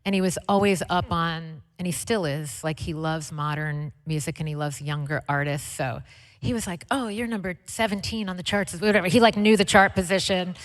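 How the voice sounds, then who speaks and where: A woman guest telling stories in a chatty, excitable way with lots of fillers, speaking onstage at a live conversation event. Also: low voice, normal speed. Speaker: interview guest, singer. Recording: long hall reverb.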